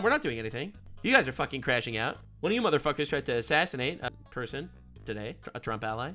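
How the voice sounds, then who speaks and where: Animated bright-voiced male streamer ranting. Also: mid-range voice, fast, soft background music. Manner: loud, profane, repetitive ranting. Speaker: streamer reacting to a video. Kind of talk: heated reaction commentary.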